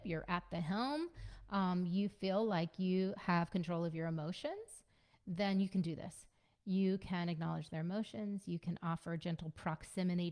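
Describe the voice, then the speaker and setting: A woman giving a casual teaching talk to parents as a parenting coach, conversational and gently instructive, repeating her key points. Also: fairly low pitch. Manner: conversational, frequent fillers like "you know" and "like".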